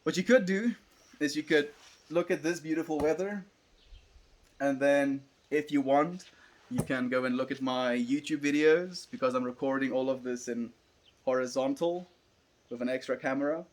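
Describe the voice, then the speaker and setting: A man's voice: medium pitch, moderate pace. A young South African man, an Afrikaans speaker, chatting casually on a livestream and musing as he answers viewers.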